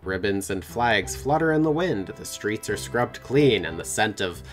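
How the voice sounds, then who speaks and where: A man's voice: lowish voice, expressive, faint music behind. Man reading a game aloud with playful asides. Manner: playful, quick to laugh. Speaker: let's play host reading the game. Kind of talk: narrating a text game with casual banter.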